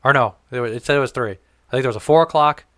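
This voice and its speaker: This podcast host talks at a quick pace in a mid-range voice, with studio-quality sound and no echo. Telling a story in casual chat, he swears freely and animatedly acts out quoted dialogue.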